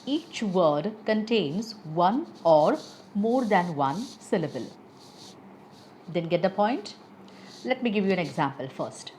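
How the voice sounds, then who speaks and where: Female teacher, slow and expressive, lesson on word stress. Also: medium pitch, slight background noise. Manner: slow, careful, reads example words twice. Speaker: English teacher. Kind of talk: pronunciation lesson.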